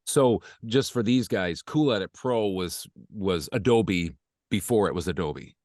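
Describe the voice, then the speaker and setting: Deep-ish guy hosting a chat, lots of yeahs, dry close mic. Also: measured pace, darkish tone, dry recording. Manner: agreeable, frequent affirmations, trailing off. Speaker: podcast host. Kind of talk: casual interview chat.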